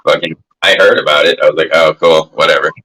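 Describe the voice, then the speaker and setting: A man's voice: rumbling low, steady tone, quick pace, pushed and bright, rough recording. A man hosting a casual livestream, talking in a loose, profane, rambling way and coughing now and then from smoking. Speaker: livestream host. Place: indoors at a grow setup.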